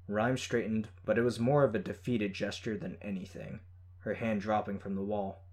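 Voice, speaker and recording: Low-voiced man narrating steadily. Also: steady tone, normal speed. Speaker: audiobook narrator. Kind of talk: scripted first-person narration.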